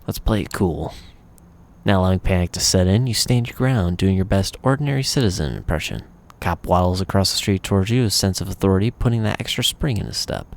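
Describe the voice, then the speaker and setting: A man reading a game's story text aloud in a relaxed way, adding casual asides. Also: deep voice, fairly quick, creaky. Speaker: gamer reading a visual novel aloud.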